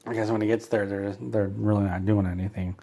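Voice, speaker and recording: A man's voice: lowish voice, flat delivery, a little fast, vocal fry, mellow. A man telling a rambling comedic story, meandering and interrupting himself with a dry, offhand delivery. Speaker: comedy channel host.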